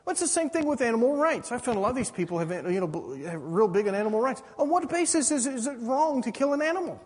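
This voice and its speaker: A middle-aged man preaching with a high, husky voice that swings widely in pitch. He drives his argument with rhetorical questions, and his words ring out in a hall with a long echo. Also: big pitch swings, fast talker, a little mellow. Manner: repeats "you understand that?" with rhetorical questions. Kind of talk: sermon. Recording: reverberant hall.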